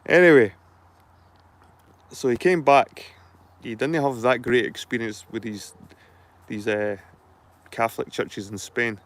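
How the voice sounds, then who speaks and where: A man's voice: medium pitch, animated, measured pace, pauses often. A middle-aged man with a Scottish accent, chatting casually to his viewers, rambling, repeating himself and swearing freely. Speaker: channel host.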